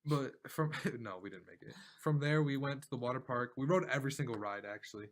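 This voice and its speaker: A man's voice: mid-range voice, a little fast. A man co-hosting a casual podcast, telling a long, rambling story with frequent laughs and lots of "like". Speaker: podcast co-host. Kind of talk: casual chat.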